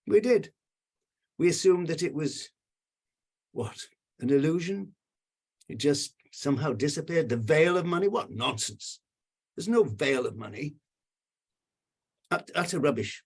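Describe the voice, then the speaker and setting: A man's voice: on the high side, darkish tone, breathy edge. An older man on a video call giving emotional, indignant remarks with emphatic repetition. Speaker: panel commenter.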